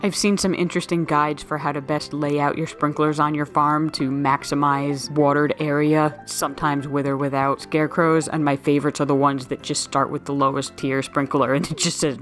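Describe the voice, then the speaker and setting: A woman's voice: sits low, flat delivery, normal speed, hardly any pauses, soft background music. A woman chatting casually with friends over a game, making wry, rambling observations. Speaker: let's play co-host. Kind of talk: casual gameplay chat.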